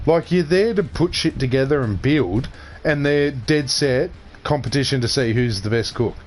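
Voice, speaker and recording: A man's voice: medium pitch, normal speed, a little hiss or hum. An Australian man co-hosting a casual podcast chat, jokey and laid-back, swearing freely. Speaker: podcast co-host.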